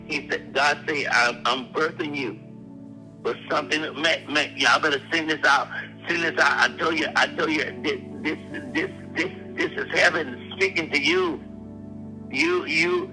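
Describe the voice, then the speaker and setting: A man preaching a fervent prophetic prayer, repeating words and phrases and swinging from hushed tones to shouts. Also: medium pitch, a little slow, faint music behind, low-quality recording.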